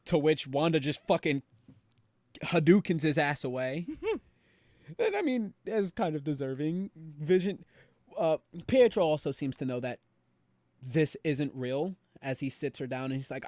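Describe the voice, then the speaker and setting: A young man on a podcast, animatedly retelling a show with quick voiced quotes. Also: a little high, expressive, a little mellow, no room sound, studio quality. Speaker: podcast co-host. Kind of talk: casual recap chat.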